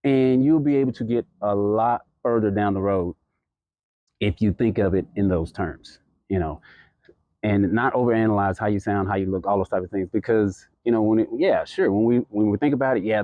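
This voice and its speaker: A man's voice: lowish voice, fairly quick, no echo, narrow, tinny audio. A man talking to camera, giving earnest, encouraging advice with plenty of fillers and restarts. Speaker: podcast creator giving advice. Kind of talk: casual motivational talk to camera.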